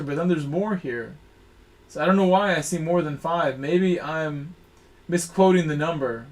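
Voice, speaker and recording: A man hosting a racing game live stream, casually thanking supporters and reading out long lists of viewer names. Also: a little high.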